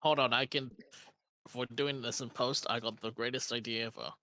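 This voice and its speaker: A podcast guest making quiet, playful asides in casual chat. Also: medium pitch, steady tone, brisk, no room sound.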